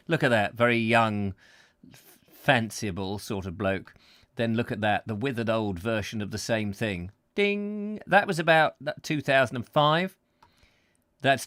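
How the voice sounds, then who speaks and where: Middle-aged host, bright and bouncy, ranty comic chat, dry close mic. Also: male voice, mid-range voice, no echo. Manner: rambling, playful, self-mocking, breaks into silly voices. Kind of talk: comic live chat show, reading viewer comments.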